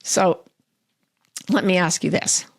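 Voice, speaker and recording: Middle-aged woman author as a guest, gravelly and low-ish, dry close sound, earnest and animated. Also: slow pace, no echo. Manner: earnest, animated storytelling with quoted self-talk. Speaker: author and life coach, guest. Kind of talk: interview conversation.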